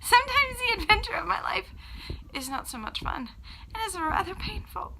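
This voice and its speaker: A woman with children chatting casually to camera in a vlog, telling a story with lively acted-out quotes. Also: extremely high pitch, normal speed, gravelly, over loud music, rough recording. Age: adult with children. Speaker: vlogger.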